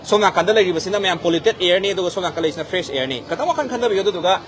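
A man with a Manipuri accent hosting an outdoor school fair on a handheld microphone, explaining exhibits in an animated way. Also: high-pitched, racing. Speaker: event host. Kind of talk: live event presenting. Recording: crowd noise behind.

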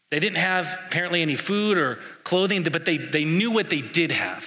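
A man's voice: high voice, sing-song, a little fast, sharp tone. A man preaching a sermon to his church, telling jokey everyday stories with acted-out asides. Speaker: pastor. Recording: long hall reverb.

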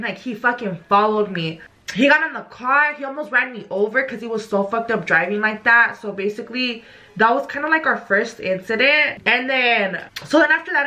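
A young woman vlogger telling a story casually, animated and profane, with lots of "like". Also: medium pitch.

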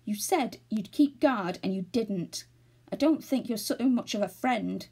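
A woman's voice: a little high, big pitch swings, normal speed, darkish tone, slightly rough, exaggerated voice. A woman reading aloud and voicing an eager young boy who turns stern when let down. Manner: keen, and stern when crossed.

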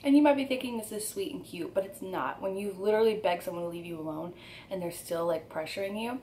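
A YouTuber in her twenties eats at home while telling an emphatic, candid story to the camera for her channel. Her mid-range voice is fast with a dark tone, and there's a slight hiss or hum.

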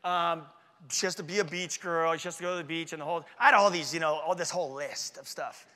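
A man with a high, bright voice tells a sermon as a story at a conference. His talk is casual and full of slang, and he acts out what he said in the past. His voice rings through the long reverb of a large hall. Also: fast. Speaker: conference speaker.

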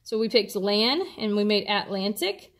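A woman's voice: medium pitch, lively intonation, normal speed. A woman teacher, patiently explaining a worksheet step by step to her students. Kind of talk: classroom instruction video.

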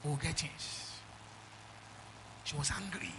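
A middle-aged pastor with a Nigerian accent preaches slowly in a voice on the high side, with background noise behind him. He stays emphatic, calling on the congregation for amens.

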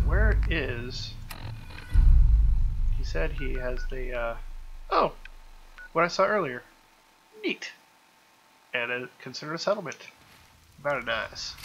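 A man mutters and muses through casual gameplay commentary, humming to himself. His voice is bright and gravelly, and he takes his time. The mic sounds dull, with faint hiss. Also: on the high side. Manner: musing aloud, hums to himself. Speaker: let's play host.

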